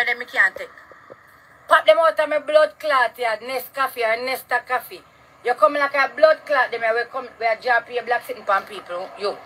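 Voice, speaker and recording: A Jamaican woman ranting outdoors in a yard, loud, heated and full of curses, recorded on a phone. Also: high voice, rough recording. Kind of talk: angry street rant to camera.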